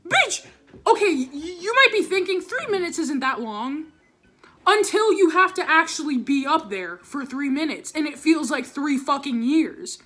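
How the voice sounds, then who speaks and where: High bright young woman storytime vlogger. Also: measured pace. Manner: animated, swearing, dramatic re-enactments. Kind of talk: storytime vlog.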